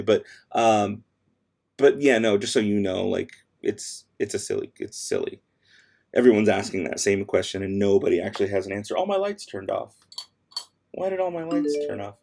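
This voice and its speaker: A man's voice: medium pitch, vocal fry, darkish tone. A man casually chatting on a late-night livestream at home, reading out viewer questions and answering with offhand sass. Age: adult with kids. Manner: offhand and sassy, answering chat between tasks. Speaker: livestream host.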